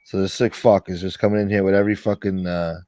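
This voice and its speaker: A man's voice: deep voice, little pitch movement, fast talker, mellow, dry recording. A man hosting a casual online chat, talking bluntly and with heavy swearing. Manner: blunt and profane.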